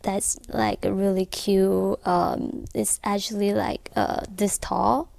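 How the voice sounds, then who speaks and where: A woman, an accessory designer, telling a story as an interview guest in a filming studio. Her English is halting and full of fillers. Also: medium pitch, level tone, gravelly, a little mellow, dry recording. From Taiwan. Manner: halting non-native English with frequent fillers.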